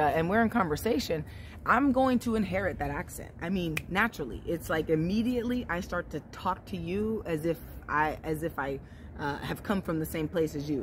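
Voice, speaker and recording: A woman vlogging in a casual, relaxed way about spiritual growth, often checking in with "right?". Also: on the low side, a little hiss or hum. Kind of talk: casual spiritual vlog talk.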